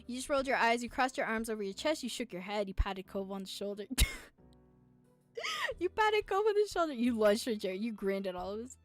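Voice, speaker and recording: A woman's voice: medium pitch, fast talker, hardly any pauses. A woman streamer reading a visual novel aloud, playful and giggly, talking back to the characters. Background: faint game music.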